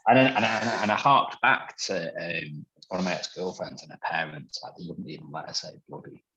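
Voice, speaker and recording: A man chatting as a guest on a podcast, rambling and swearing freely, quick to laugh. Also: sits low, expressive, pushed and bright. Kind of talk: casual podcast chat. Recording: dull lo-fi sound.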